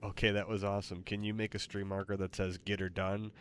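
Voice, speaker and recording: Man, very low voice, game streamer, playful, halting, faint background hiss. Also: little pitch movement. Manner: playful, halting, lots of fillers. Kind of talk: casual stream chat.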